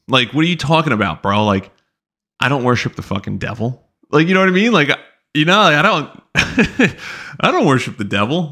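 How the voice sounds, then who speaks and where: Young male podcast host, low gravelly voice, loose profane storytelling. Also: a bit bright. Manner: rambling, profane, exasperated retelling. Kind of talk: casual storytelling monologue.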